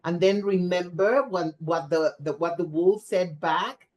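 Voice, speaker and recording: Speaking on the low side, a woman trains teachers in a spirited workshop session. Her delivery is lively and full of expression, punctuated often by a short "right?"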